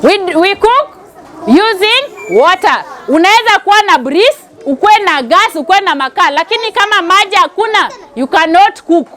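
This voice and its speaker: A woman's voice: extremely high pitch, animated, normal speed, fairly bright tone, a little hiss or hum. A woman with a Kenyan accent teaching a pre-primary class, calling out questions and having the children repeat answers. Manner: call-and-response, mixes in Swahili phrases.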